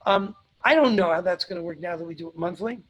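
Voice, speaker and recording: Blunt, husky-voiced man answering questions. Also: high-pitched, fast, fairly bright tone, highs cut off. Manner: blunt, emphatic, repeats points for stress. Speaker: webinar host answering audience questions. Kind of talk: live webinar Q&A.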